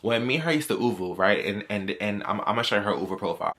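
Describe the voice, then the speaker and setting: New guy doing storytime commentary, kinda low but bright and punchy, keeps repeating himself. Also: very fast, gravelly, hardly any pauses. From New York. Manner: chatty, repetitive, animated storytelling. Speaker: commentary vlogger.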